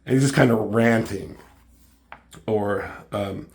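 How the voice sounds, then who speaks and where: A man's voice: on the low side, slow pace. Casual man walking through his own comic. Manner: loose, many fillers like "like" and "um". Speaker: comic creator reviewing his own book. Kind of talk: casual chat.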